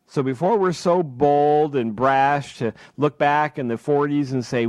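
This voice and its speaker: A man's voice: a little high, a little slow, darkish tone, no echo. A man hosting a talk radio show, delivering an impassioned political monologue full of rhetorical questions from a studio microphone.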